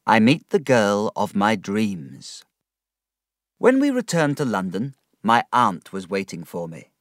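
A man reads a storybook aloud at an unhurried, deliberate pace. His low voice rises and falls expressively through each sentence. The recording is close and dry, with no room sound. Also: no echo. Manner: slow, measured, expressive reading. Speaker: audiobook narrator. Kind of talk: scripted storybook narration.

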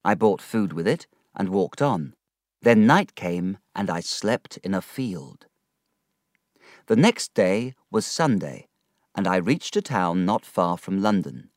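A man reading a storybook aloud in a measured, plain narration. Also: deep voice, sing-song, no echo, clean studio sound.

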